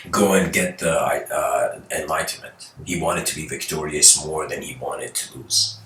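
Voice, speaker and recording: A man giving a spiritual lecture by telling a story, rambling and animated, often restarting and adding "like" and "you know". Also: rumbling low, takes it slowly. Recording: echoey room, mic at a distance.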